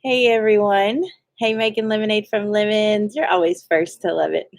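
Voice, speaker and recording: A woman's voice: mid-range voice, steady tone, moderate pace. A woman, co-hosting a homestead livestream and cheerfully greeting viewers by name with frequent laughs. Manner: cheerful, laughs often, reads viewer names.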